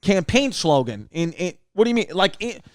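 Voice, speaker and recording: Recorded with clean studio sound and no room echo, a New York City podcast co-host whose voice sits high tells a lengthy story at a moderate pace. He plays out everyone else's lines with lively delivery.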